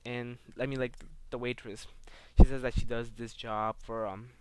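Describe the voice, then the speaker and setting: A man's voice: medium pitch, little pitch movement, moderate pace, smooth. A man giving a casual comic book review on his channel, rambling and filling gaps with "um" and "like". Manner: rambling, heavy on fillers like "um" and "like".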